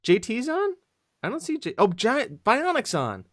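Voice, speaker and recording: A man co-hosting a podcast in a playful, joking way. His pitch moves lively up and down, and the recording is dry and close to the mic. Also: a little slow, dry recording. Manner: joking, playful, does voices. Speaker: podcast co-host. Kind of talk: casual chat on a live stream.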